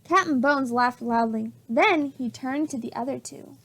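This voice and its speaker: A woman and preschool teacher reading stories aloud to young children in a slow, expressive, sing-song way. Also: high-pitched. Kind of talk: reading a picture book and chapter book aloud to children.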